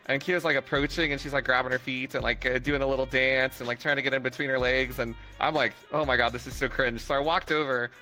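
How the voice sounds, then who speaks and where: A young man co-hosting a casual gaming chat, telling animated stories and giggling. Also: medium pitch, quick pace, few pauses, faint music behind.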